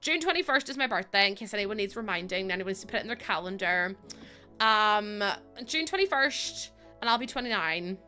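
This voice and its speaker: A woman's voice: medium pitch, animated, a little fast, bright, forceful tone, faint music behind. A woman in her twenties from Northern Ireland with a Northern Irish accent, chatting casually and answering viewers on a live gaming stream. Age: 20s. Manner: chatty, giggly, answers chat.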